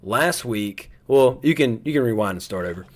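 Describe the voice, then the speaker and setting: A man's voice: mid-range voice, expressive, moderate pace. A young adult man, hosting a live stream in casual, rambling chat aimed straight at his viewers.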